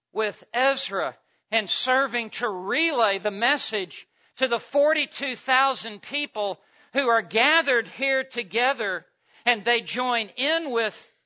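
Male preacher, high-pitched and very bright, emphatic repeating cadence, muffled lo-fi sound. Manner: emphatic, repetitive cadence, swings from hushed to loud. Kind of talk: expository sermon. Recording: dull lo-fi recording.

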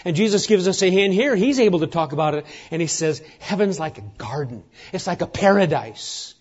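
A high-pitched man delivers a sermon with rising emphasis, then drops low for hushed moments. The recording is slightly muffled, with a dull edge to the sound. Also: expressive, fairly quick. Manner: emphatic preaching, swinging from loud declarations to hushed near-whispers. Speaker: pastor.

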